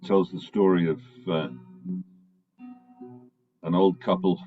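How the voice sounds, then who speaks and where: A man introducing a folk song, telling its story slowly and hesitantly. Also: low voice, level tone. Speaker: folk singer. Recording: dull home recording with guitar.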